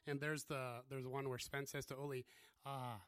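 Conversational pastor, bright voice. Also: male voice, medium pitch, flat delivery, normal speed, no echo. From US Midwest. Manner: conversational, self-deprecating, joking asides. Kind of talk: sermon.

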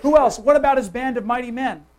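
Preacher mid sermon, punches some words loud then drops way down soft, keeps asking the crowd stuff. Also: high voice. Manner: emphatic, swings between loud declarations and soft, hushed asides; talks straight to the congregation with quick questions.

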